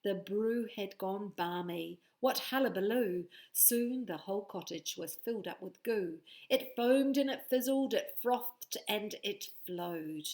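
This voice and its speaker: A woman reads a picture book aloud to children in a playful way, inviting them to join in. She speaks slowly, with a gravelly edge in her voice. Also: medium pitch, darkish tone. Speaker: storyteller.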